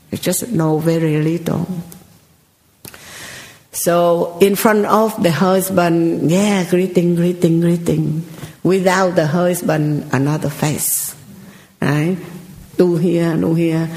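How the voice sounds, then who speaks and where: A woman giving a Buddhist teaching as a storytelling sermon, with slow, repetitive phrasing and rhetorical questions. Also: fairly low pitch, darkish tone, echoey room, poor audio.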